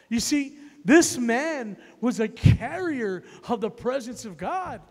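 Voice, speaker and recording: High-voiced preacher man in a reverberant hall. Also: animated, slow, hardly any pauses. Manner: emphatic, repetitive, builds to loud peaks. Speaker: evangelist preacher. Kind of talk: sermon storytelling.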